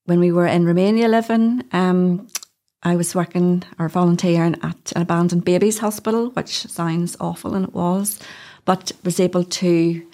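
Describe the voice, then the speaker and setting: A woman's voice: on the low side, fairly even intonation, moderate pace, warm tone. A middle-aged woman with a Northern Irish accent, a doula telling her story in a chatty interview, laughing often. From Northern Ireland. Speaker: doula, podcast guest. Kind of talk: casual interview chat.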